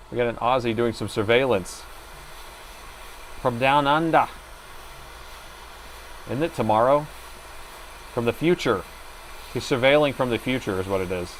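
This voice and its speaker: A man's voice: mid-range voice, a little slow, long pauses, a little hiss or hum. A man hosting a live stream, chatting casually and explaining each step of a repair while joking with viewers. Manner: chatty, explains steps while working, jokes with chat. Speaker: livestream repair host.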